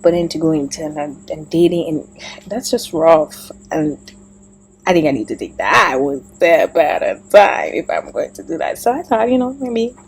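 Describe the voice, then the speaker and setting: A woman talking casually to camera in a personal vlog, rambling and thinking aloud, with soft murmured asides. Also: lowish voice, slightly rough, low-quality recording. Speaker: vlogger.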